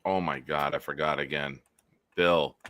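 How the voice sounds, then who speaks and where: A man's voice: very deep voice, fairly even intonation, a little slow, fairly bright tone. A man hosting a casual sports talk livestream, joking and rambling and hyping up his chat. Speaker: host.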